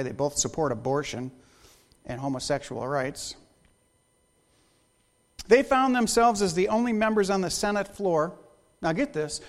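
A male pastor gives a sermon in a voice pitched high for a man. He moves between quiet prayer and lively, joking stories. His delivery is animated and full of wry asides.

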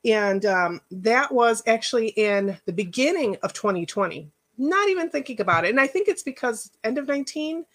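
A middle-aged woman with a fairly high voice talks through a casual workshop as a life coach. She tells personal stories in a loose, chatty way and drifts into side remarks. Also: expressive, normal speed, hardly any pauses, fairly bright tone. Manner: chatty, personal storytelling with rambling asides.

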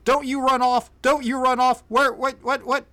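A man's voice: extremely high pitch, flat delivery, normal speed, pushed and bright, pitched above the performer's own voice. A man voicing a flustered small-town male police officer who hollers in a panic. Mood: frantic.

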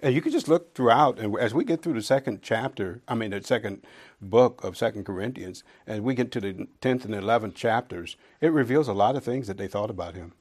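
A man's voice: on the low side, a little fast, husky. Man teaching the Bible with emphatic bursts. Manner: builds to loud emphasis when reading scripture; dry, sarcastic asides.

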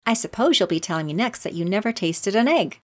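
A woman voicing a suspicious mother pigeon who scolds in a shrill, contemptuous voice, in a storybook reading. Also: expressive, brisk, lightly acted. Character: shrieking, suspicious mother pigeon guarding her eggs.

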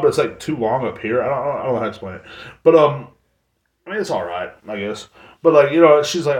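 A man's voice: medium pitch, lively intonation, a little fast. Profane rambling man, echoey room. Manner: blunt, profane, rambling with many fillers. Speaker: podcast host. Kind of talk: solo rant, casual monologue.

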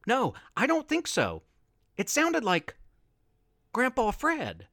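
A man's voice: very high-pitched, wildly swooping pitch, slow pace, bright, forceful tone, dry recording, studio quality, pitched above the performer's own voice, exaggerated voice. A man doing a cautious, insistent girl. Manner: careful, insistent warnings. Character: cautious young girl, sensible and worried.

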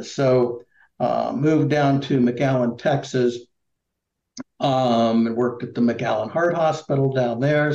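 A man's voice: medium pitch, vocal fry, a little mellow, roomy sound, lo-fi sound. A middle-aged man from Indiana, a political candidate, talking casually in an interview with lots of fillers and restarts. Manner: rambling, many fillers and restarts.

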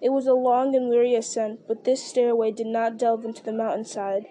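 A woman's voice: a little high, level tone, a little fast, dark tone, a little hiss or hum. A woman reading a story aloud, steadily, with the occasional restart. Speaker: reader.

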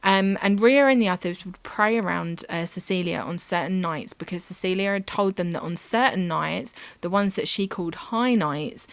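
A woman's voice: on the low side, no room sound. A woman co-hosting a true-crime podcast, telling the story in a casual, chatty way with lots of fillers. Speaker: podcast co-host.

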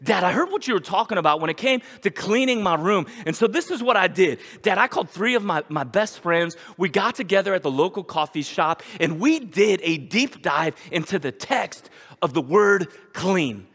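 A man's voice: high voice, lively intonation, moderate pace, a bit bright, in a large hall, full character voice. A man voicing an earnest, evasive teenage daughter who keeps explaining instead of cleaning her room, with a self-justifying ramble, in a sermon.

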